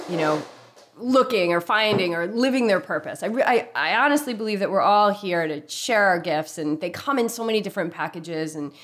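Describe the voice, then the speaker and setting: A woman hosting a casual interview show, asking her guest about his origins with enthusiasm. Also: lowish voice. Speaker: podcast host.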